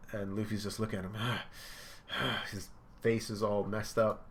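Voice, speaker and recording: A man hosting a casual reaction video, describing comic panels with excitement and shouted sound effects. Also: on the low side, a little slow. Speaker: manga reaction video host.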